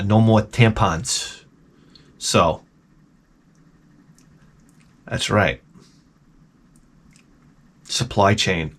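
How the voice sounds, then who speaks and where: A man hosting a gaming channel, riffing through a rambling comedic monologue full of jokes, swearing and tangents. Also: on the low side. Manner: profane, joking, rambling tangents.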